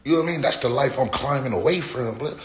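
Talking fast in a mid-range voice, this livestream host in his forties rants with plenty of profanity. He responds to his chat's comments, and the room sounds echoey with faint ambient noise.

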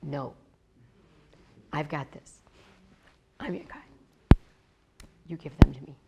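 A woman voicing God, low and gravelly. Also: takes it slowly, very noisy, exaggerated voice. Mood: gently firm. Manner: calm, firm, corrective. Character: God speaking gently to the speaker.

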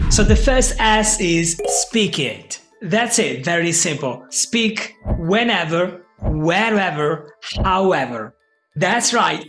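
A man's voice: on the high side, fairly bright tone. A man in his thirties with an Italian accent, giving an upbeat, scripted English lesson straight to the viewer. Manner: upbeat, direct, encouraging. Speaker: English teacher.

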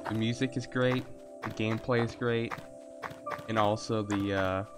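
A man's voice: fairly low pitch, steady tone, a little slow. A young man giving joking, rambling let's play commentary into a desk mic. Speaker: gaming commentator. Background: game music.

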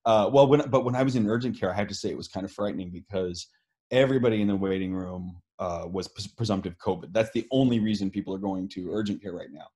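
New guy being interviewed, husky lowish voice, earnest, lots of ums and restarts. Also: fast talker, mellow. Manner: earnest, explanatory, many fillers and restarts. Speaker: interviewed scientist. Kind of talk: video call interview.

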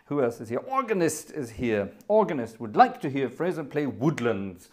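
A man's voice: mid-range voice, sing-song, normal speed, a little mellow. Playful chatty man hosting a livestream. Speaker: livestream host and organist. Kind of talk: casual livestream chat greeting viewers.

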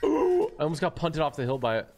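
A man's voice: on the high side, huge pitch swings, quick pace, over music. Playful man streaming a game. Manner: playful, chatty, reads out chat. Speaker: gaming streamer. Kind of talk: casual gaming chat.

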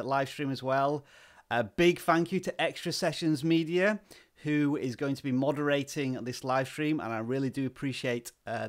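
A man hosting a live stream, greeting viewers by name and talking at a slow, relaxed, deliberate pace with plenty of "uh" fillers, into a desk microphone. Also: fairly high pitch. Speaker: livestream host. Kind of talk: live-stream chat, reading out viewer names.

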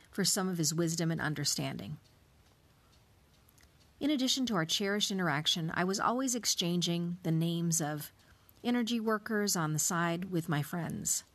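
Reflective woman narrating, low-pitched. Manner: reflective, slips into soft whispers. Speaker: podcast host. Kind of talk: scripted personal storytelling.

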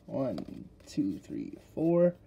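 A man hosting a casual card-opening video, chatty and excitable as he talks straight to his viewers. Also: medium pitch, very slow, creaky, breathy edge, highs cut off. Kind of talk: casual unboxing commentary.

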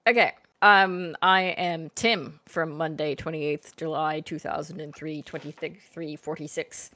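A woman's voice: sits low, fairly even intonation, unhurried, bright, forceful tone, dry recording. A woman co-hosting a comedy podcast, reading old forum posts in a playful, mock-serious way. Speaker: podcast co-host.

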